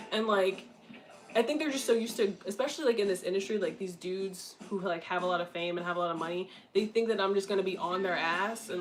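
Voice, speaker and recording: A woman's voice: medium pitch, low-quality recording. A woman in her twenties chatting casually and candidly, blunt and profane, laughing often. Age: 20s. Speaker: content creator answering questions.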